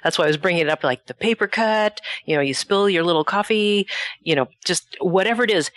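A woman's voice: lowish voice, fairly quick, fairly bright tone, dry recording. A woman hosting a talk show who chats in a personal, conversational way. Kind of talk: casual talk show chat.

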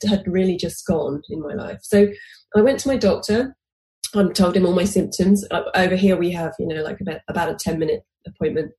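A woman in her forties, a podcast guest telling a personal story with lively restarts and acted-out quotes. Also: lowish voice, vocal fry. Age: 40s. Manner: animated, acts out quoted dialogue with restarts.

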